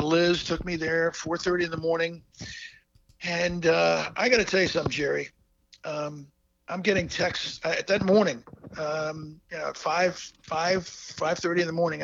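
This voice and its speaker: A man telling a personal story as an interview guest, halting and heartfelt, with many fillers and restarts, on a dull lo-fi recording. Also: a little high, creaky, noisy background.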